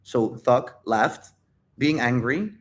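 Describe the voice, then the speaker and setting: A man's voice: mid-range voice, animated, slow. A man holding a livestream Q&A as a dating coach, talking straight to his viewers in an emphatic, repetitive way and swearing freely. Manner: addresses viewers directly.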